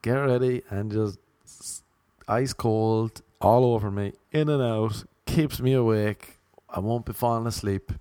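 A man's voice: on the low side, a little slow, few pauses, dark tone, smooth, dry recording. Rambling young Irish man, joking. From Ireland. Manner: loose, jokey, goes off on tangents. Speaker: comedian. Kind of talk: rambling comic monologue.

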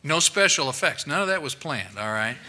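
A male pastor telling a story in a sermon, animated and acting out the voices of people he quotes, on a worn microphone in a church. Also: fairly high pitch, fairly quick, a little hiss or hum, poor audio.

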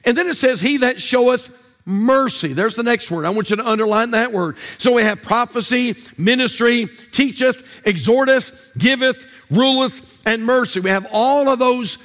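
A man's voice: extremely high pitch, moderate pace, a bit bright. A male pastor preaching a sermon in a church, with a sing-song cadence and repeated phrases. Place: church sanctuary.

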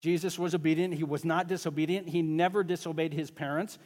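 A man's voice: on the high side, steady tone, fast, darkish tone, long reverb tail. A pastor preaching a sermon to his congregation in a casual, conversational way, often joking with the kids and parents.

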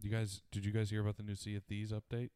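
A young man co-hosting a podcast, trading crude jokes and loud bursts of laughter with friends. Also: fairly low pitch, completely flat delivery, fast, clean tone, no echo. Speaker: podcast co-host. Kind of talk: crude casual banter.

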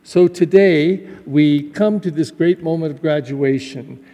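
A Catholic pastor, a man, preaches a graduation homily with a high yet mellow voice. He talks in a heartfelt, conversational way and often restarts his sentences. His words ring out with the long reverb of a church. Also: unhurried. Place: church during Mass.

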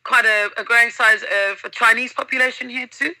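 A woman's voice: a little high, fairly even intonation, fairly quick, pushed and bright, dry recording, rough recording. A woman in casual interview chat, telling stories enthusiastically and vividly as a guest. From England.

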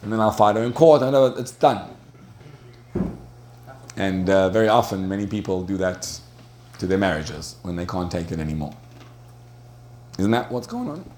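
A man with a lowish voice gives a storytelling talk to an audience. He speaks in a loose, conversational way, often stumbling and restarting. He laughs between points, and a faint hiss sits under the recording. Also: lively intonation, normal speed, long pauses, darkish tone. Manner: chatty, with frequent restarts and laughter.

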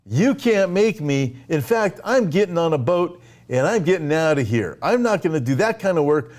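A stubborn prophet digs in his heels and refuses in a slightly raised, slowed voice, as a preacher puts him on. The words come out heavy and emphatic, close to the preacher's own tone. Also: on the high side, big pitch swings, darkish tone. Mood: defiant. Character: stubborn defiant male prophet, grown man.

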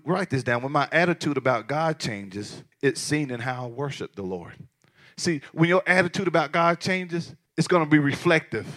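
A male pastor preaching a passionate sermon, swinging from shouted lines to hushed asides. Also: mid-range voice, gravelly.

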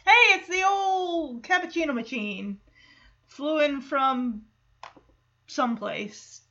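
Going through a sitcom episode slowly on her podcast, this host speaks in a high, pushed, bright voice. The recording is muffled and lo-fi, and she keeps things chatty, laughing often and acting out quoted lines.

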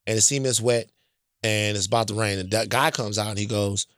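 A man's voice: fairly low pitch, steady tone, brisk, a bit bright, dry recording, clean studio sound. A man from Louisiana telling stories in a casual chat, blunt and emphatic, often checking in with "right?". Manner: profane and blunt.

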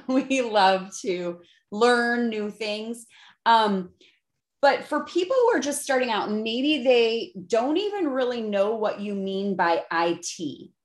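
A woman's voice: on the high side, animated, slow pace, roomy sound. A woman in her fifties with a Chicago accent, hosting a casual interview with enthusiasm and frequent laughter. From Chicago area. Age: 50s. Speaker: podcast host.

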